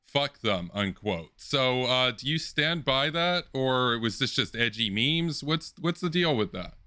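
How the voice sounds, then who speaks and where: A man hosting an online political debate, speaking in a measured way with many filler ums and uhs. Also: medium pitch, expressive, pushed and bright, clear, resonant tone, dry recording. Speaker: debate host.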